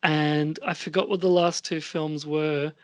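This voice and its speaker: A male podcast co-host speaks slowly in a loose, rambling film chat. He hesitates often, drifting between "um" and "like" as he builds his point. The sound is dry and close, with no room around it. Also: a little high, flat delivery, no echo. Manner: rambling, hesitant, many fillers and restarts.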